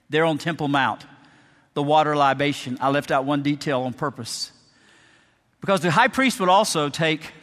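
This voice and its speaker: A man preaching a sermon with animated storytelling, moving between a mock commercial voice and quiet, earnest prayer. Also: a little high, big-room sound.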